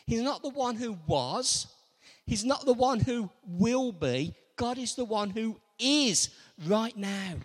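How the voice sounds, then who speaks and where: Male preacher, slow deliberate sermon delivery, acts out quotes, long hall reverb. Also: high-pitched. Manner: animated, acts out quotes in voices.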